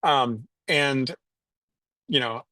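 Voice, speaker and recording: Relaxed man chatting, dry sound. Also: mid-range voice, extremely slow, dry recording. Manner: relaxed, listing points with ums and a laugh. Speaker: panel guest. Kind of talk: casual group chat.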